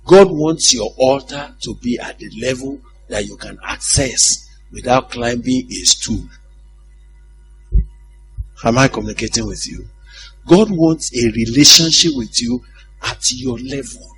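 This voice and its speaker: A man's voice: medium pitch, measured pace, fairly bright tone, faint music behind. A male preacher giving a conversational sermon, often putting questions to his congregation and laughing at his own stories.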